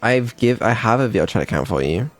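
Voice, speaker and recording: A man's voice: medium pitch, expressive, brisk, soft background music. A man, a developer and streamer, chatting casually on a live dev stream, laid-back and mumbling, with ums and the odd swear.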